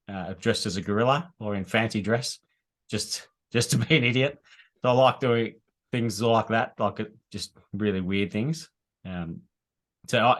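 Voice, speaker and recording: An Australian man in his thirties with a low voice, speaking as a podcast guest. He talks casually, searching for words and filling pauses. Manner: even, hesitant, many fillers. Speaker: guest, landscaper.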